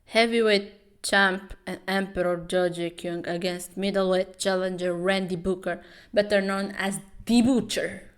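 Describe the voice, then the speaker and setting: A woman's voice: fairly low pitch, clean tone, lightly acted. A woman voicing a male fight announcer in mock sports commentary.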